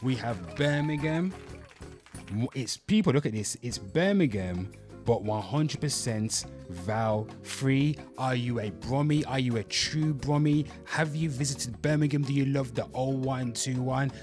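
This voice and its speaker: A man's voice: medium pitch, darkish tone. A young man hosting his channel in a brash, crude, repetitive way, hyping merchandise and calling out to viewers. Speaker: host. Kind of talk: brash comedic channel talk.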